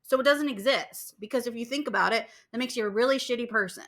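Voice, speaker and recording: A woman's voice: fairly high pitch, quick pace, fairly bright tone. A young woman ranting casually to camera about spiritual ideas, getting worked up, swearing often and acting out other people's voices. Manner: fired-up, swears a lot, acts out voices. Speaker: spiritual vlogger.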